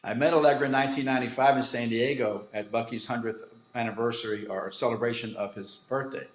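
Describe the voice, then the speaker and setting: A man who serves as the instructor, telling a story in an earnest way with dramatic pauses, recorded in an echoey room. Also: medium pitch, steady tone. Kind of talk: storytelling talk.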